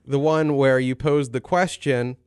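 A man's voice: mid-range voice, fairly even intonation, a little slow, clear, resonant tone, dry recording. A man co-hosting a casual chat, cracking dry sarcastic jokes. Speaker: co-host.

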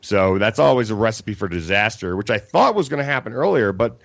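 A man's voice: fairly low pitch, a little fast, creaky, dry recording. A young man from Colorado, co-hosting a podcast and telling a rambling, profane story as he acts out what everyone said. The sound is dry and a little dull, like a lo-fi podcast mic in a small room. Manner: animated, profane storytelling with acted-out quotes. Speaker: podcast co-host. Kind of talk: casual storytelling chat.

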